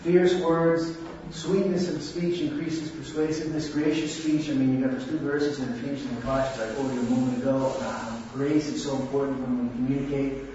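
A man preaching a conversational sermon to a congregation, often checking in with a quick "right?". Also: mid-range voice, level tone, dark tone, a little hiss or hum. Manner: conversational, asks the audience "right?". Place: church or hall. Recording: distant echoey hall recording, dull.

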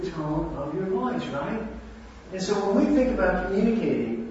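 A man delivers a sermon in a plain, talkative way, often turning to the listeners. His voice sits a little high. It comes from a distance in a heavily echoing hall, with a dull lo-fi sound. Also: animated, moderate pace, darkish tone, slight background noise. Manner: conversational, asks the audience "right?". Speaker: preacher. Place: church or hall.

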